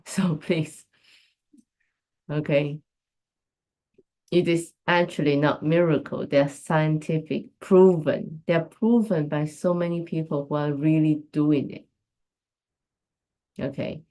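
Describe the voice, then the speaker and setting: Slow, earnest woman giving a live pep talk. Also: sits low, steady tone, mellow. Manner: earnest, repeats phrases for emphasis, speaks to viewers directly. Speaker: host of a live talk stream. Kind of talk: casual motivational talk.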